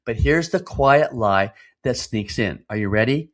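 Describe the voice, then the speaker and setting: A man's voice: mid-range voice, animated, measured pace. A man in his fifties hosting a devotional podcast, teaching in an earnest, emphatic way and putting rhetorical questions to the listener. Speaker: podcast host.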